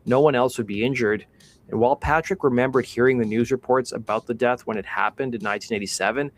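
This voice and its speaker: A man co-hosting a live show, telling a prepared story in a steady, measured way. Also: mid-range voice, slight background noise. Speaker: co-host.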